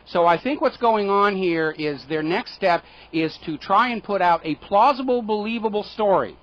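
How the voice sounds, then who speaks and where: A high-pitched male radio host delivers sarcastic, indignant political commentary. His voice comes through a dull, lo-fi broadcast recording. He jabs at his targets with mocking rhetorical questions. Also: lively intonation, normal speed. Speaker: radio talk show host.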